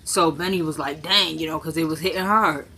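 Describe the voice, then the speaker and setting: Bright chatty lady recapping a tv episode on her phone, living room, acts out the lines. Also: low voice, fairly quick. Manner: chatty, retells scenes by acting out characters' lines. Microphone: phone camera propped on something.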